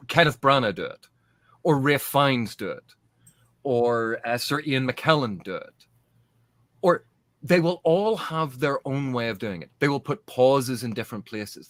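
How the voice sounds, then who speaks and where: A man's voice: medium pitch, dry recording. A man in a casual podcast panel discussion, making his points earnestly and emphatically, often restarting mid-phrase. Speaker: podcast guest.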